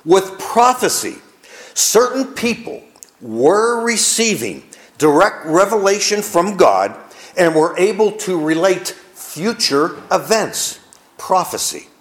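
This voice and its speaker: A man's voice: sits high, big pitch swings, slow. Guy preaching in a church, punchy up-and-down delivery, lots of room echo. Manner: emphatic, rising and falling preaching cadence. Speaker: pastor. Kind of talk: sermon.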